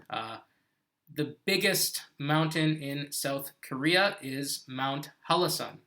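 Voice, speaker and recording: A man's voice: a little high, fairly bright tone. A man teaching English grammar in a live-streamed lesson, explaining patiently and often checking "okay?" with his viewers. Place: living on an island in South Korea.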